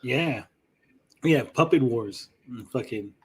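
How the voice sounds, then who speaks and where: A man hosts a livestream, casually chatting as he reacts to videos, blunt and sarcastic and swearing a lot. His medium-pitched voice is animated yet unhurried, a little mellow, with a breathy edge.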